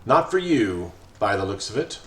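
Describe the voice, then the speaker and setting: Brief: mocking, indolent male serpent alien read by a man, game voice, slightly raised pitch, roomy sound. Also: very animated, moderate pace, fairly bright tone. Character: smug lazy male serpent alien gang leader. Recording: roomy echo, faint music.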